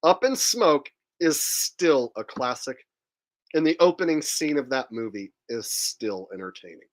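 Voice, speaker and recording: A man's voice: medium pitch, animated, measured pace. A man hosting his own channel, telling a rambling, profane story in a casual, wry way. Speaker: channel host. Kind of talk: casual comedic monologue.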